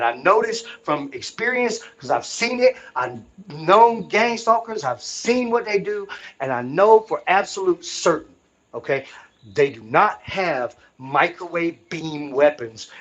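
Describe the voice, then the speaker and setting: A fairly high-pitched man speaking straight to his audience in an unscripted monologue. He sounds emphatic and insistent, doubling back on phrases to hammer them in. The recording is dull and lo-fi. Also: fairly bright tone. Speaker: vlogger.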